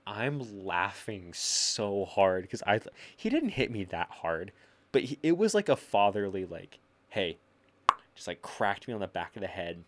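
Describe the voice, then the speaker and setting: A man's voice: on the low side, very animated, moderate pace, slight background noise. A young man chatting casually as a podcast guest, telling rambling anecdotes full of "like" and swearing. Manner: storytelling, lots of filler "like", swearing. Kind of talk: casual chat. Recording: live podcast.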